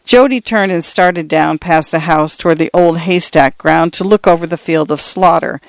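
A man's voice: a little high, creaky, no room sound. Male audiobook narrator, dry close sound. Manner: steady, measured storytelling. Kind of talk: scripted narration.

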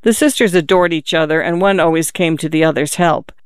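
An audiobook narrator reading a literary novel in a measured, even storytelling manner. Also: mid-range voice, smooth, no room sound, studio quality.

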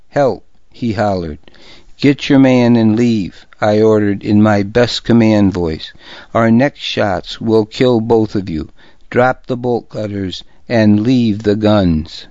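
Low-voiced man reading a tense story. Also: dry recording. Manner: steady, measured reading. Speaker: audiobook reader for radio reading service. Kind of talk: scripted first-person narration. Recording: dull lo-fi radio recording.

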